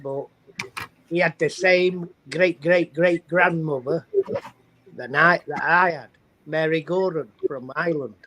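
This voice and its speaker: A man's voice: a little high, unhurried, a bit bright, a little hiss or hum, low-quality recording. An older man from England with an English accent, chatting casually and repeating himself. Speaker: guest on a co-stream. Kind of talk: casual chat.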